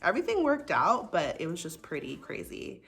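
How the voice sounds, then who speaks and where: A woman's voice: lowish voice, huge pitch swings, normal speed. A young American woman telling personal stories in a casual, earnest way, leaning heavily on "like" as she talks to her viewers. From United States. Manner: chatty, earnest, filler-heavy with frequent "like". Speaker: spiritual vlogger. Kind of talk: casual heartfelt storytelling. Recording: soft music in the background.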